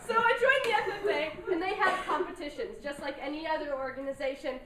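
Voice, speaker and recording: Young woman comic, high voice, giggly, chatty, echoey hall heard from far off, noisy. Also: moderate pace, crowd noise. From North Carolina mountains. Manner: giggly, chatty, self-deprecating, laughs between lines. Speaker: stand-up comedian. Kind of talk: stand-up comedy set. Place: large hall with an audience.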